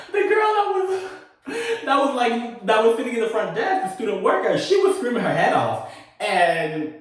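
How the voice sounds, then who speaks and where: A man tells his own story in a casual, sassy way, with laughing asides and a pitch that leaps high for emphasis. His voice sits a touch high and lively. He sounds set back from the mic in a strongly echoing room. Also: distant mic. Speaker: storytelling host.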